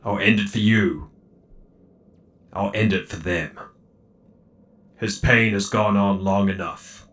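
A man voicing a grave, determined male hero, speaking a slow solemn vow in a tabletop game. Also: fairly low pitch, steady tone, a bit bright.

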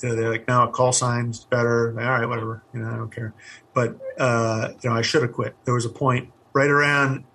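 A middle-aged man, a former army helicopter pilot, telling his story in an interview, candid and halting with many fillers. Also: mid-range voice, level tone, bright, forceful tone.

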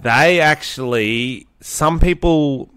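A man's voice: a little high, takes it slowly, a bit bright, clean tone, dry recording. A man co-hosting a podcast in casual banter, joking and swearing as he rambles. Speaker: podcast co-host.

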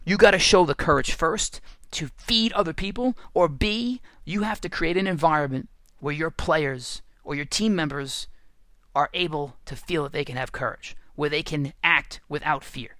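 A man who coaches football, giving an energetic, animated motivational talk full of stories and restarts. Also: a little high, dry recording.

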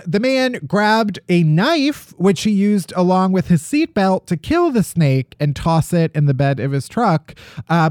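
A man co-hosting a podcast, telling strange news stories in a jokey, animated way. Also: on the high side, no room sound, clean studio sound. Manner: jokey, animated storytelling with laughs. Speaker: podcast co-host. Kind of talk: casual comedic news chat.

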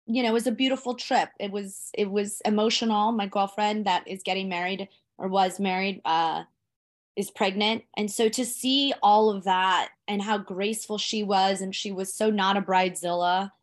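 A woman's voice: medium pitch, fairly even intonation, moderate pace. A woman co-hosting a podcast, speaking heartfelt and rambling in casual chat. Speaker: podcast co-host.

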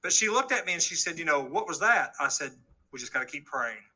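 A man's voice: fairly high pitch, very animated, brisk, pushed and bright, slightly rough, low-quality recording. A middle-aged man earnestly telling his testimony story to a live audience, acting out the dialogue he quotes. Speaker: speaker giving a testimony.

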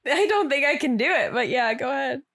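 A woman's voice: high voice, expressive, a little fast, fairly bright tone, dry recording. A woman co-hosting a podcast in casual chat, giving short, dry answers and laughing often. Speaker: podcast co-host.

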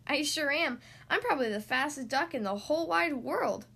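A small, speedy girl duck who brags and hollers every line, as a woman plays her. Her voice runs high and swoops around with lively energy. It belongs to a children's storybook reading. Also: normal speed. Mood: boastful. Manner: shouting, bragging, hyper. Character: boastful speedy little girl duck, loud.

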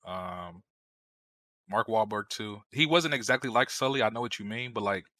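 A man's voice: lowish voice, normal speed, bright, forceful tone, no room sound, clean studio sound. A man co-hosting a casual podcast, talking easygoingly and repeating himself as he gives his opinion. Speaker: podcast co-host. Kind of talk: casual movie chat.

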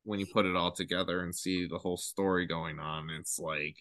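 Deep-voiced man, podcast guest, bright forceful tone, dry close sound, halting earnest speech. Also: no echo. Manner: halting, earnest, many restarts. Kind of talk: casual chat.

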